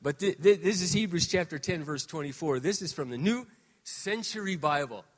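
A man in his sixties preaching a sermon as pastor, moving between quiet, confiding talk and loud, shouted exhortation. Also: on the high side, lively intonation, normal speed, big-room sound. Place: church sanctuary.

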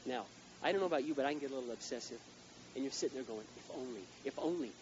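A man preaching a sermon as pastor, telling a long personal story and rising to loud, emphatic peaks. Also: medium pitch, very fast, muffled recording, slight background noise.

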